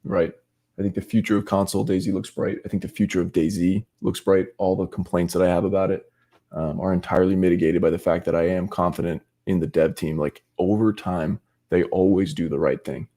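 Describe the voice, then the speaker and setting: A man's voice: deep voice, steady tone, brisk, mellow. A man from the United States, a podcast guest, talking in an earnest, laid-back way. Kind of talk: casual interview chat.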